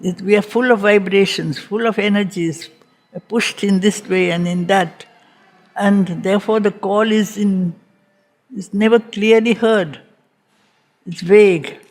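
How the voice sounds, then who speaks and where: With a steady, medium-pitched voice that's a little slow and a little mellow, a woman gives a reading group a slow spiritual lecture on a poem. She repeats phrases for emphasis.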